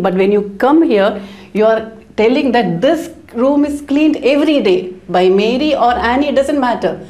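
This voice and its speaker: A middle-aged woman teaching English grammar at a very unhurried pace. She walks through each example step by step and pauses to pose questions to her students. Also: fairly high pitch, mellow. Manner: slow, careful explaining with rhetorical questions. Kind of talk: grammar lesson.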